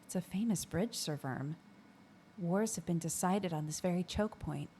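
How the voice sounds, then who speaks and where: A woman voicing a polite, earnest young lady adventurer in a courteous, measured way. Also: fairly low pitch, dark tone, slight background noise, close to an everyday voice.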